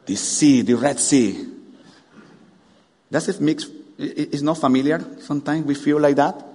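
A man preaching a sermon, animated, firing rhetorical questions at the congregation. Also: fairly high pitch, measured pace, pauses often, breathy edge. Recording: long hall reverb.

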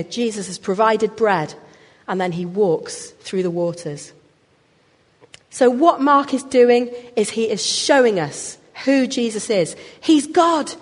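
A woman's voice: on the high side, husky. A woman preaching a sermon. She talks expressively and pushes harder on the key words. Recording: long hall reverb.

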